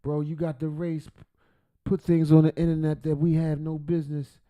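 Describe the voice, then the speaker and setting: A man's voice: a little high, little pitch movement, normal speed, phone-quality sound. A man hosting a livestream, reacting to videos with rambling, profane, joking commentary. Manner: profane, rambling, jokey, loud swings in volume.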